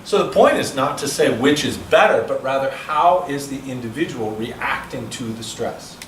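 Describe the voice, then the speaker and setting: A man's voice: mid-range voice, animated, moderate pace, slight background noise. A male speaking coach leading a seminar, explaining measurements in a chatty, explanatory way and answering questions. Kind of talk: seminar lecture. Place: seminar room. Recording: echoey room, from a distance.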